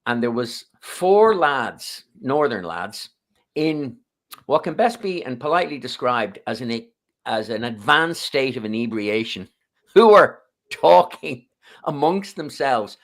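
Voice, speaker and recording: A man's voice: mid-range voice, big pitch swings, a little slow. A man on a golf podcast panel telling long, rambling anecdotes in a casual chat. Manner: rambling, anecdotal, self-correcting.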